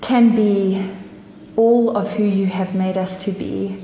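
A South African woman leading a spoken prayer in measured, repeated phrases. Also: medium pitch, fairly even intonation, dark tone. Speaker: prayer leader. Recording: echoey hall with faint noise.

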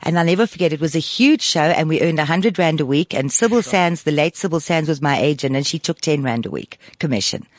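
A woman's voice: deep voice, a little fast, hardly any pauses, dry recording, studio quality. Theatrical woman in her sixties. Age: 60s. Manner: theatrical and animated, jumps between voices. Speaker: guest, actress and estate agent. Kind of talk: lively casual interview chat.

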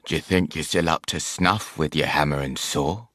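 Man playing an older male ship's pilot, audiobook voice, deep, drawling, teasing, jovial, dry close mic. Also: moderate pace, pushed and bright, dry recording, exaggerated voice. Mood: probing. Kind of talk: audiobook character voice.

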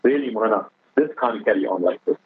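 A man's voice: fairly low pitch, expressive, quick pace, breathy edge, no room sound. A man giving an earnest religious talk on a radio show, urging listeners and telling a moral story. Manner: earnest, exhorting, addresses the other speaker as Maulana; tells a moral story with quoted dialogue. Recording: phone line on radio.

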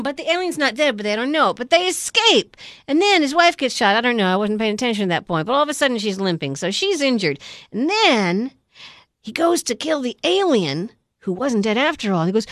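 Animated woman recapping a movie. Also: a little high, brisk, dry recording, clean studio sound. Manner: animated, acts out scenes with sound effects and quoted voices. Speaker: podcast co-host recapping a movie. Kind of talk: casual chat.

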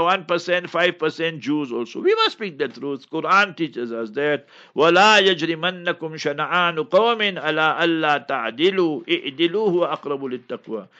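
A man's voice: a little high, bright, forceful tone, lo-fi sound. A man, a mufti answering listener questions on a Q&A show, lecturing in an emphatic, instructive way and repeating his key points. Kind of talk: radio Q&A lecture.

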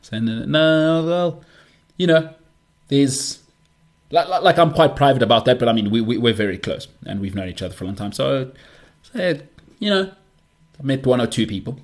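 A man's voice: medium pitch, fast, hardly any pauses. A man hosting his podcast in a casual solo monologue, rambling and self-deprecating, with frequent restarts. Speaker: podcast host.

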